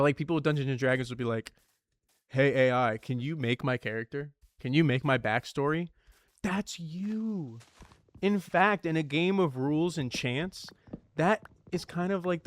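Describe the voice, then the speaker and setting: Animated man rambling while gaming. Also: a little high. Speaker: streamer playing a survival game. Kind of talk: casual gaming commentary.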